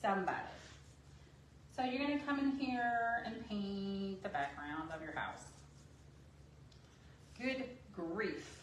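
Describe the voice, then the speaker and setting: A woman's voice: mid-range voice, steady tone, measured pace, hardly any pauses, reverberant, a little hiss or hum, rough recording. A woman hosting a casual painting tutorial at her craft table, chatty and making self-deprecating asides.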